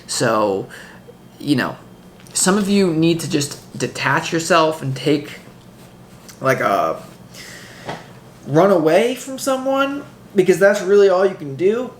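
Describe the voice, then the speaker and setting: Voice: mid-range voice, sing-song, slow, long pauses, a little hiss or hum. A tarot reader talking casually, rambling with intense emphasis, lots of fillers, restarts and the odd curse. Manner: swearing, emphatic.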